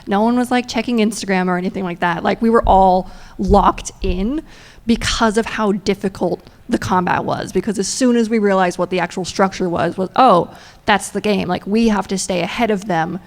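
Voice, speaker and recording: A woman's voice: mid-range voice, steady tone, normal speed. A woman player on a convention panel talking in a casual, enthusiastic way with many fillers.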